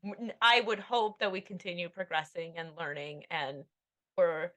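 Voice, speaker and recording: A woman's voice: on the low side, normal speed, pushed and bright. A woman in her thirties, an author being interviewed on a podcast, talking candidly in a rambling, self-deprecating way with many fillers. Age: 30s.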